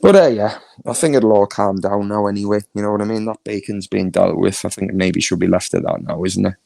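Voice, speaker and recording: A man's voice: fairly low pitch, a little fast, vocal fry, dark tone, no echo. A man with a Northern English accent chatting casually on a live stream, laughing often and reading chat comments aloud. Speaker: YouTube streamer.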